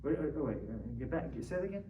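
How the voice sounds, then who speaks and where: Recorded from a distant mic in a roomy classroom with faint noise, this philosophy lecture comes from a man whose fairly high voice is very animated and fast. The audio is dull, with a crowd in the background, as he quizzes students conversationally and frequently checks in.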